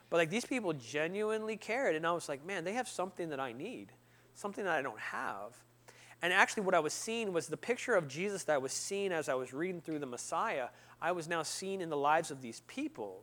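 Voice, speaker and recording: A man preaching a sermon tells a personal story in a lively way, acting out its characters and swinging between loud outbursts and hushed asides. His voice is on the high side.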